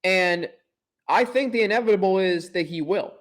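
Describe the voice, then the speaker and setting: A man's voice: high-pitched, moderate pace. A young man hosting a sports podcast, giving confident, emphatic opinions with self-deprecating asides. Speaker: podcast host.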